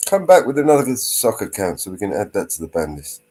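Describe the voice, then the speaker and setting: A man's voice: on the low side, sing-song, fast, warm tone. A man hosting a live stream in casual chat, with blunt, crude banter. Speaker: livestream host.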